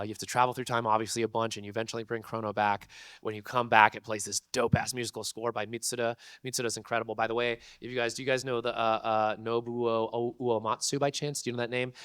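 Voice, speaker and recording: A man, a convention panel guest, telling a story to an audience in an animated, laughing way full of slang. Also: medium pitch, clear, resonant tone, no echo, clean studio sound.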